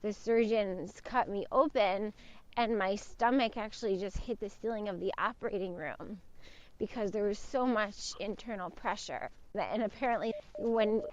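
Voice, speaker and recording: A woman's voice: mid-range voice, moderate pace. A woman telling a personal story in a candid, conversational way. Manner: candid, conversational, with short laughs. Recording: slightly muffled with faint music.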